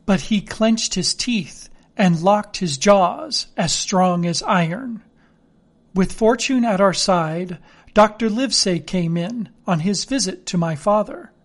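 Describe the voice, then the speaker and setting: A man reading a classic novel aloud as narrator, in measured storytelling. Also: sits high. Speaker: audiobook reader.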